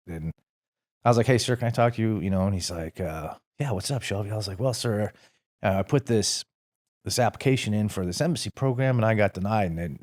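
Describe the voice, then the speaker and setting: A man with a very low, deep voice recounts his military years as a guest on a podcast. He talks in a relaxed, meandering way, with plenty of fillers, and he swears without a second thought. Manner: relaxed, rambling, salty storytelling with fillers and swearing. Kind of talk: casual storytelling interview.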